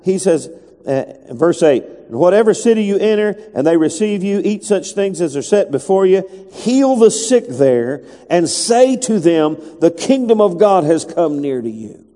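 High-voiced preacher in a reverberant hall. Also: male voice, big pitch swings, a little slow, warm tone. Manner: conversational preaching, reads scripture aloud, rises to emphatic calls. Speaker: pastor. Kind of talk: sermon. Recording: long reverb of a church hall.

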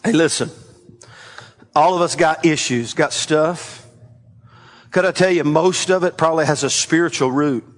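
A man's voice: high-pitched, a bit bright. A man preaching a fiery, emphatic sermon, rallying the congregation with frequent exclamations.

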